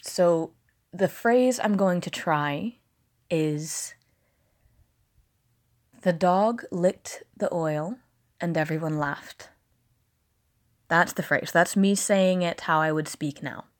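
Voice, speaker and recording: A woman's voice: on the low side, slow, long pauses. A woman vlogger from the American South with a slight Southern accent, talking candidly and casually, swearing now and then. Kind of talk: casual vlog monologue.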